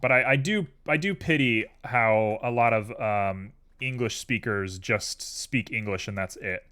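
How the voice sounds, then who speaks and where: A man's voice: fairly low pitch, a little slow, pushed and bright, clear, resonant tone. A tired man chatting casually and rambling drowsily on a live stream while he works on a 3D model at his computer.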